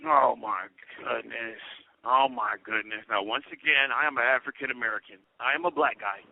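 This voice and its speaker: A man's voice: mid-range voice, moderate pace, gravelly, dry recording. Man telling prison stories over a tinny phone line. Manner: animated storyteller, peppers talk with "you know". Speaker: guest, incarcerated comedian. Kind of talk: storytelling comedy chat. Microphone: prison phone call.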